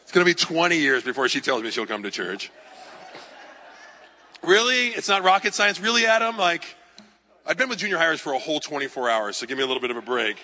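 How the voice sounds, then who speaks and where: Bright-voiced pastor telling sermon stories. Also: male voice, mid-range voice, very fast, hardly any pauses. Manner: lively anecdotes with self-deprecating humor. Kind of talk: storytelling sermon. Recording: long reverb of a large hall.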